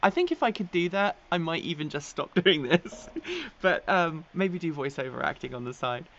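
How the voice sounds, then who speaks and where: A woman's voice: low voice, lively intonation, moderate pace, a bit bright, muffled recording, slight background noise. Chatty Englishwoman hosting a live stream. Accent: English, with occasional American slips. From England. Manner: chatty, rambling, laughs often, many ums. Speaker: host of an electric vehicle news live stream. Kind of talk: casual live-stream chat, reading viewer comments.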